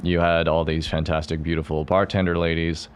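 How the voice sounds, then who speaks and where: A man telling a party story in a casual chat, lively and laughing often. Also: rumbling low, a little fast, smooth. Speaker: guest, NFT holder.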